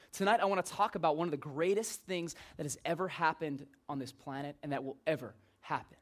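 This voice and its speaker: A man preaching an informal sermon in a joking, conversational way. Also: sits high.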